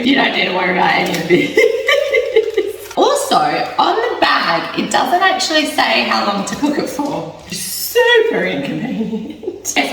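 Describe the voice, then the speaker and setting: A woman talks her way through baking a pie at home, chatty and self-mocking, laughing as she goes. Her voice sits high and swings widely in pitch. The kitchen rings with echo, and she stands some way off from the mic. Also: creaky, noisy background. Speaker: cooking vlogger. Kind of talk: casual cooking vlog. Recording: echoey kitchen, mic at a distance.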